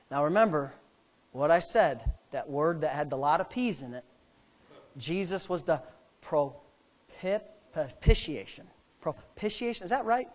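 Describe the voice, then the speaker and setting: A male pastor preaching a sermon to a congregation, joking with them and breaking in with hallelujahs. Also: high voice. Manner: animated, jokes with the congregation; punctuates with hallelujah and praise God. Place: church before a congregation.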